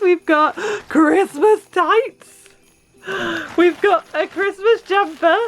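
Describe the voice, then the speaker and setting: A woman's voice: very high-pitched, drawn-out words, faint music behind. A woman and new mother chatting casually in her vlog, bubbly and gushing, slipping into sing-song baby talk.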